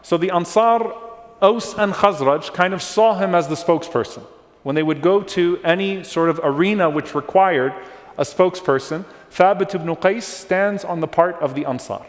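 A man's voice: high-pitched, moderate pace. A man giving a religious lecture on early Islamic history, explaining patiently, repeating names and checking in with his listeners. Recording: long hall reverb.

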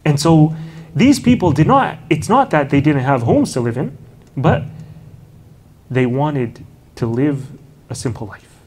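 A man giving an unhurried lecture on early Islamic history, telling stories and often adding Arabic honorifics and casual "you know" asides. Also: on the high side, big pitch swings, darkish tone, slightly rough.

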